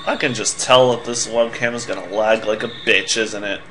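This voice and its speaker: A young man commenting on a game as he plays, sarcastic and tired, swearing now and then. His voice is bright and forceful, with faint noise behind it. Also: lowish voice, steady tone, moderate pace. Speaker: let's player.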